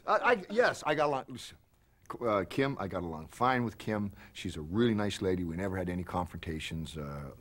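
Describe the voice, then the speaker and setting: A man as a talk show guest, telling animated stories and laughing often. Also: low voice, brisk. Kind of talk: animated storytelling.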